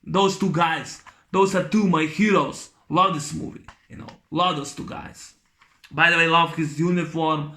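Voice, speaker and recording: A man giving a casual spoken film review, halting, with many ums and restarts, and blunt, with free swearing. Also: a little high, fairly even intonation, pushed and bright. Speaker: movie reviewer.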